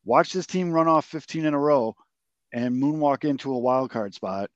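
A man's voice: medium pitch, moderate pace, no echo, dull audio. A man hosting a casual sports podcast, rambling and swearing as he gets worked up. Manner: profane, rambling, excitable. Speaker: podcast host.

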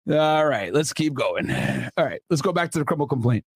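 A young man hosting casual reaction commentary, loud and slangy, laughing and swearing often. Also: a little high, lively intonation, a little fast, breathy edge, no echo. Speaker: commentary host.

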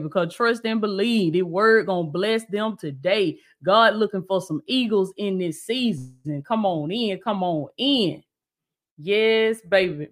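A woman coach and preacher on a live stream, greeting viewers and preaching, exuberant and repetitive. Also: mid-range voice. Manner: exuberant, repeats lines, calls viewers "baby".

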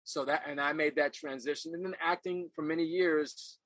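Speaking at a moderate pace in a slightly high voice with a bright, forceful edge, a middle-aged actor tells stories as a guest in a casual, relaxed podcast interview. He is earnest and reflective, repeating phrases as he gropes for words. The audio is poor, dry and close with almost no room.

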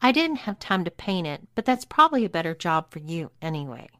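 A woman's voice: lowish voice, big pitch swings, brisk, fairly bright tone, dry recording, studio quality. A woman voicing a stern, bossy dominatrix who talks in a mocking, commanding way. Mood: teasing.

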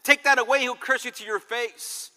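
A man's voice: very high voice, fairly even intonation, moderate pace, pushed and bright, full character voice. A man preaching who voices Satan as a sly bargainer, in a long reverberant hall. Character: scheming male Satan, bargaining.

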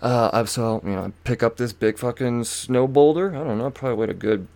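A man's voice: mid-range voice, fairly quick, creaky, a little mellow. A young man hosting a podcast, telling a comedic story as a profane, swearing rant. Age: young adult. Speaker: podcast host.

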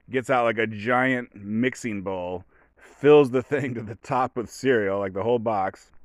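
A man's voice: lowish voice, no room sound, clean studio sound. A man hosting a casual solo podcast, rambling as he retells movie scenes and acts out the quotes. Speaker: podcast host.

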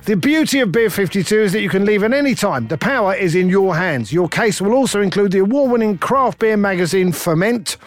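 A man hosting a podcast, reading an ad and putting questions to guests in a brisk, upbeat way. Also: sits high, animated, dry recording. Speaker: podcast host.

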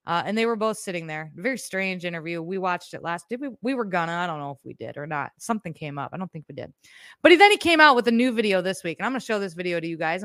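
A woman hosts a podcast, talking bluntly and sarcastically, and she swears freely. Her voice sits at a middle pitch for a woman. The recording is dry and close, with no room sound. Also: a bit bright, no room sound. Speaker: podcast host. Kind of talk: casual political commentary.

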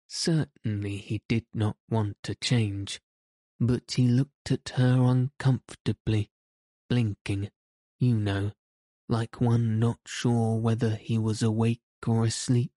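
A man narrating a classic storybook in a measured, gentle manner. His voice is low and warm, and his pace is very slow. The sound is close and dry. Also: little pitch movement, dry recording.

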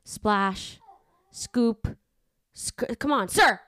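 Young woman podcast host, smooth clear voice, dry close sound, chatty and profane, rambles. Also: a little high, extremely slow, a bit bright, no room sound. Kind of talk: casual chat. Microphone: studio microphone.

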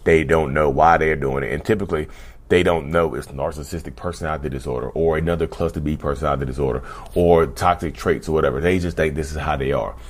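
A man's voice: very deep voice, steady tone, fast. A man talking casually to his viewers, often calling them "y'all", in a direct-to-camera video monologue. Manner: conversational, keeps addressing viewers as "y'all". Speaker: vlogger talking about narcissism.

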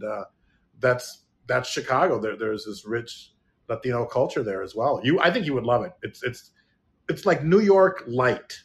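A man's voice: mid-range voice, a bit bright. A middle-aged man from Illinois in casual chat, reflective and rambling with many restarts.

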